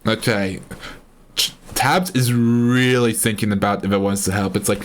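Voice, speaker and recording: A man's voice: on the low side, steady tone, normal speed, a little hiss or hum. An Australian man chatting casually on a live stream, rambling and often cutting himself off mid-sentence. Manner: rambling, self-interrupting, chatty.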